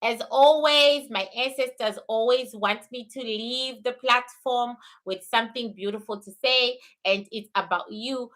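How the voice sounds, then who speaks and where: A woman's voice: on the high side, a bit bright. A woman hosting a spiritual livestream, answering viewer questions and thanking viewers, with emphatic repeated phrases. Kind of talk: live-stream talk answering viewer questions.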